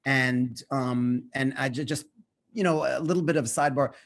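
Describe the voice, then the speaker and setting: Man, guest artist, casual talk, medium pitch, halting, lots of restarts. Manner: halting, many restarts, then quick bursts. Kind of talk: casual conversation.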